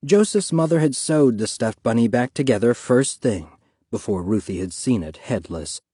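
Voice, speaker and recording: A man narrating an audiobook in a measured, steady reading. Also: mid-range voice, breathy edge, no echo, clean studio sound. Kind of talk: scripted narration.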